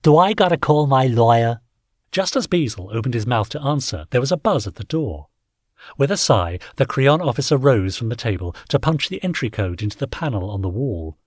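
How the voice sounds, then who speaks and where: A man narrating a science-fiction audiobook in an expressive storytelling manner. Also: medium pitch, fairly quick, breathy edge, no echo, studio quality. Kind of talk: scripted narration.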